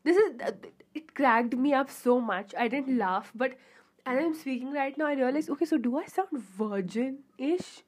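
A woman's voice: sits high, moderate pace. A young adult woman hosting a casual solo podcast, rambling and chatty with lots of fillers and giggly asides, in a pure-sounding voice. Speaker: podcast host.

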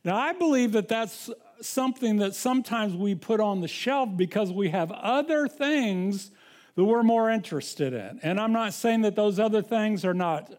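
A man's voice: high voice, expressive, normal speed, a little mellow. A man preaching a sermon as pastor, talking conversationally with frequent restarts and reading scripture aloud.

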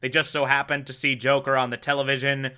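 A young man casually recapping an old show with sarcastic asides, laughing often and dropping into quick mock voices. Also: mid-range voice, monotone, pushed and bright. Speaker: podcast host recapping a show.

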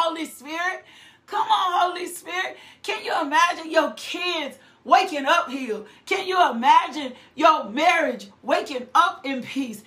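A woman's voice: high voice, fairly bright tone. A middle-aged woman preaching a fervent sermon, repeating phrases in a rhythmic, rousing way. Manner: fervent, rhythmic repetition, exhortations.

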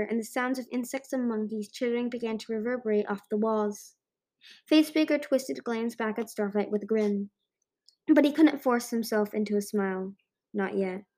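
A woman's voice: fairly high pitch, darkish tone. A woman narrating a children's fantasy book as an amateur audiobook reader, with frequent slips and restarts.

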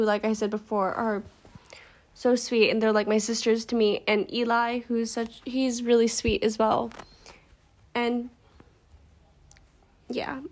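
A woman's voice: fairly high pitch, darkish tone. A young woman hosting her own podcast, talking casually with lots of fillers, fighting back tears. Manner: halting, filler-heavy, tearful and emotional. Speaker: podcast host. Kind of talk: casual personal podcast monologue.

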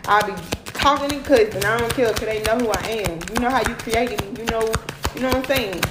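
A woman's voice: a little high, brisk, very noisy. Blunt cussing woman, echoey room. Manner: blunt, cussing, repeats "period" and "okay". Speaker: motivational livestream host. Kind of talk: casual profane motivational talk.

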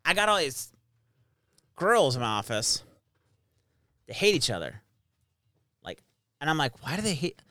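Man, casual storytelling, profane, lively pitch, dry sound. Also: a little slow, long pauses, no room sound. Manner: profane, animated, quotes people in his stories. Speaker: former army captain telling stories.

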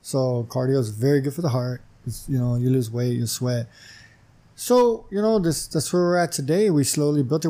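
A man's voice: medium pitch, normal speed. A man, a wrestling commissioner and gym owner, telling a story as a podcast guest, acting out conversations with lots of "you know" fillers. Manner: animated storyteller who acts out dialogue, many "you know" fillers. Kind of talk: casual storytelling interview.

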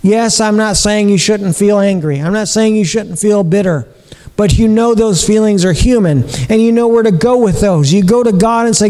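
High-voiced preacher man in a reverberant hall. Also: normal speed, darkish tone. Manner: earnest, repetitive preaching with rhetorical questions. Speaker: pastor. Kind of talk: sermon. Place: church.

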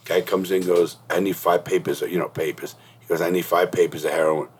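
Middle-aged guy host, real deep husky voice, swears a lot, blunt stories. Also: fairly even intonation, a little fast. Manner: blunt, profane storytelling. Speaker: podcast host. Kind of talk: casual interview chat.

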